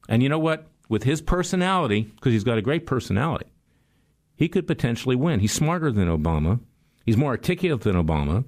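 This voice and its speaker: An older man delivering a sarcastic political commentary monologue, telling stories and jokes. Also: mid-range voice. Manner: sarcastic, storytelling, animated.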